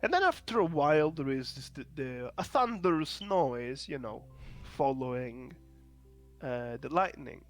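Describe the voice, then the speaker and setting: A man's voice: mid-range voice, animated, measured pace, soft background music. A man running a tabletop game as game master, describing scenes hesitantly with fillers and restarts over an online call.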